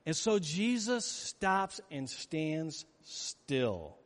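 Animated high-voiced male preacher, echoey hall. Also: drawn-out words. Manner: animated storytelling, acting out scenes. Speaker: pastor. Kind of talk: sermon. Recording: echoey hall with long reverb.

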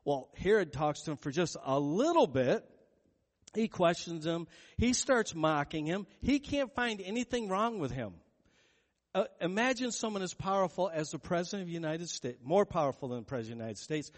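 A man with a fairly high voice preaching in a relaxed, chatty way, telling a story and slipping into the voices of its characters. His words ring out with the long reverb of a large church hall. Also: moderate pace. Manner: conversational, storytelling with acted-out quotes. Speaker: pastor. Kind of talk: sermon.

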